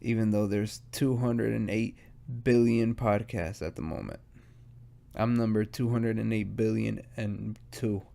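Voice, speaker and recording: A man's voice: lowish voice, level tone, measured pace, vocal fry, dark tone. A stoned man hosting his solo podcast, rambling, swearing and mocking himself as he goes. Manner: rambling, profane and self-mocking. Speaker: podcast host. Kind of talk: casual solo podcast monologue.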